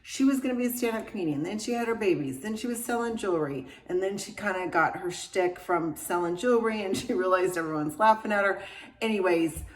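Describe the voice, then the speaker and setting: A woman's voice: medium pitch, fairly quick. A woman in her fifties with a Southern American accent, chatting and gushing about a book, laughing often. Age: 50s. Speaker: book reviewer. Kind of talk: casual chat.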